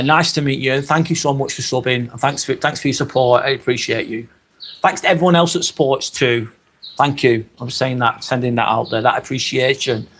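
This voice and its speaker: A man with a Lancashire accent from Northwest England hosts a live stream, reading chat and talking casually with viewers while swearing freely. His voice is medium-pitched with a fairly bright tone, and there's a little hiss or hum.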